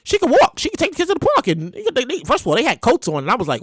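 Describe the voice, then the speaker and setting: A man hosts his own podcast in a hyper, loud solo rant, swearing freely. His voice sits high and swoops around with big leaps in pitch. It sounds bright and edgy, recorded close and dry. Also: very fast, slightly rough, dry recording. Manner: loud, hyper and animated, with profanity; acts out quoted people in shouts. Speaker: podcast host.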